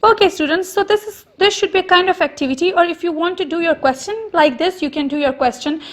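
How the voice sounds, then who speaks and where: Woman teacher, high-pitched, from Pakistan, patient and repetitive, drawn-out example sentences. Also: a bit bright. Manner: slow, repetitive explaining with stressed example sentences. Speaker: school teacher. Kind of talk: recorded online lesson.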